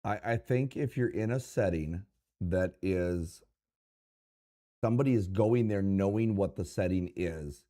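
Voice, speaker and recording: Laid-back low-voiced male guest. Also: measured pace, mellow. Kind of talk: casual live-stream chat.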